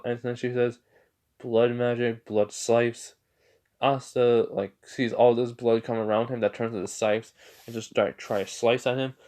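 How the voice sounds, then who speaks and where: A man narrating a fan story in a rambling, halting way, often correcting himself. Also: mid-range voice, darkish tone.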